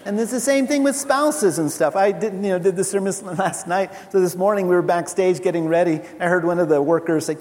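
A male pastor giving a sermon in an animated, conversational way with laughing asides. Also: high voice, brisk, hardly any pauses. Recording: large hall reverb.

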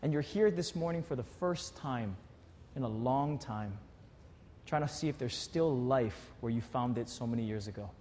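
A man preaching a sermon to his congregation, shifting from quiet, earnest appeals to animated storytelling. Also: mid-range voice, normal speed, slight background noise. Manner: animated storytelling with acted quotes. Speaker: pastor. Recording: long hall reverb.

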